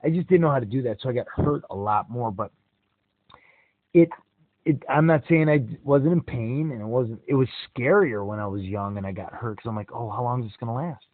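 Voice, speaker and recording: A middle-aged man holds the floor in a relaxed conversation, telling his stories with plenty of energy. He keeps breaking into high, acted-out voices for the people he quotes. The sound is thin and phone-like, with no room in it at all. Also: a little fast, no echo. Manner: animated storyteller, acts out quoted voices with big jumps. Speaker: podcast host. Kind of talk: casual storytelling chat. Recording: tinny phone-like dry sound.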